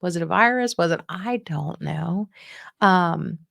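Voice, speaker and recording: A woman's voice: fairly low pitch, animated, measured pace, gravelly, a bit bright, no echo, clean studio sound. A middle-aged woman hosting a talk on dementia care, giving frank, encouraging advice and acting out what people say. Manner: frank, encouraging, acts out quoted voices. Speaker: dementia care podcast host.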